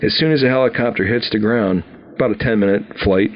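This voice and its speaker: A man in his sixties from Wisconsin tells his own story on a podcast, with a fairly low voice. He acts out the dialogue and restarts his sentences often. The audio is somewhat dull and lo-fi. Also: fast talker. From Wisconsin, USA. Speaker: company founder telling his story.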